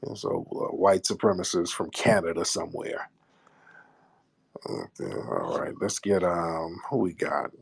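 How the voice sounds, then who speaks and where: A man with a low, gravelly voice hosts a live call-in room. His tone is husky and rough, and he trades crude, profane jokes with callers while mocking them. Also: expressive, a little slow. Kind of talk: casual crude banter with callers.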